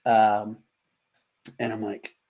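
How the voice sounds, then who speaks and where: A man's voice: lowish voice, monotone, very slow, warm tone. A man from the United States, a podcast guest, vividly telling a long personal story in casual talk, with many fillers and restarts.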